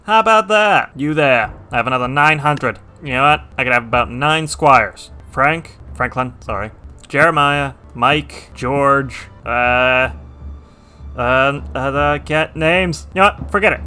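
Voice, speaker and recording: A man commenting casually on a strategy game he is playing, mostly reserved and dry, with sudden excited shouts during battles. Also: mid-range voice, a little slow, clear, resonant tone, faint music behind. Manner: dry, self-described reserved, bursts into excited yelling at battles; talks to his game units by name. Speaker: gameplay commentator.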